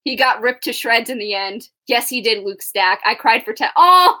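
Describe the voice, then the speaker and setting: Young woman doing a live stream chat, bright tone, lots of ums and laughs. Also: fairly high pitch, animated, moderate pace. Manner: chatty, giggly, filler-heavy. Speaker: co-host. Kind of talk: live show discussion, reading chat comments.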